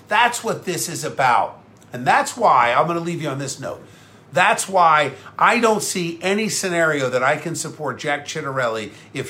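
A combative talk show host from New with a high, bright voice. He rants sarcastically, repeats himself for punch and fires back at viewer comments. His delivery is blunt and restless. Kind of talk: live-streamed talk show rant.

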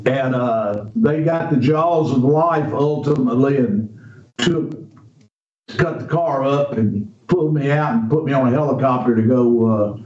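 An older man, a radio guest telling a story in a slow, folksy, drawn-out way. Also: mid-range voice, a little mellow. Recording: roomy, distant, dull radio recording.

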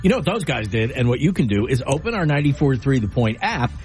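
A man's voice: mid-range voice, very animated, fast talker, a little mellow, soft background music. An American man hosting a morning radio show, teasing his co-host in playful banter. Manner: teasing, upbeat.

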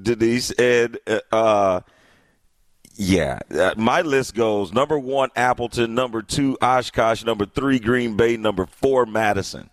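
A man's voice: mid-range voice, measured pace, no room sound. A man from East St. Louis co-hosting a radio talk show, joking and teasing in casual chat.

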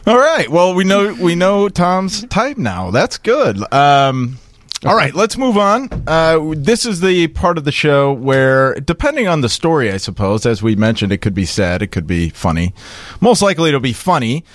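A man hosts a relaxed podcast and spins a dating story, acting out each line of dialogue. His pitch swings widely as he tells it. He is recorded dry and close on the mic. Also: moderate pace, dry recording. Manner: animated, acts out dialogue in a lively storytelling voice. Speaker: podcast host. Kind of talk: casual storytelling chat.

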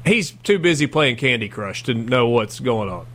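A man, hosting a sports radio show in a chatty, self-deprecating way that turns animated when he jokes. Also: mid-range voice, normal speed. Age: 40s. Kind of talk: casual sports radio talk.

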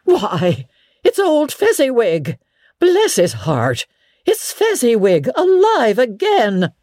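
A reader voicing an old miserly man who breaks into excited exclamations. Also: mid-range voice, takes it slowly, husky, no room sound, clean studio sound, full character voice. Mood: moved.

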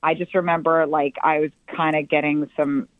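A woman's voice: deep voice, little pitch movement, no echo. A woman comedian telling self-deprecating stories as an interview guest. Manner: self-deprecating, playful, with quick asides. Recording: tinny phone line.

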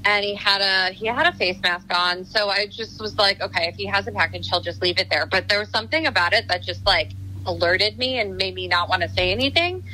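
A woman's voice: medium pitch, fairly quick, sharp tone, slight background noise, low-quality recording. A woman chatting casually on a video call, laughing often and acting out what people said. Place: her condo.

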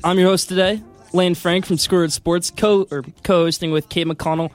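A man's voice: high voice, steady tone, moderate pace, soft background music. A man guest-hosting a sports radio show, easygoing and laughing along with his guest. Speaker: guest host. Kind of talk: casual sports radio chat. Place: radio studio.

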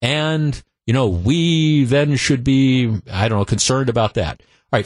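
Guy hosting talk radio, fired up and opinionated, mid pitch, real dry close studio sound. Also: a little slow, no room sound. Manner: opinionated, emphatic, repeats phrases. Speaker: radio talk show host. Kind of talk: political talk radio monologue.

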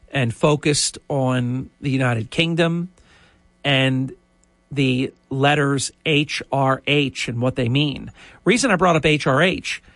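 A man's voice: medium pitch, fairly bright tone, no room sound. A middle-aged man casually telling a rambling story as a podcast host, with asides and restarts.

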